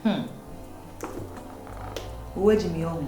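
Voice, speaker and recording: A woman's voice: fairly high pitch, sing-song, normal speed, pauses often, a little mellow. A woman, scolding and complaining in a comic drama. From Ghana. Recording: echoey room with music.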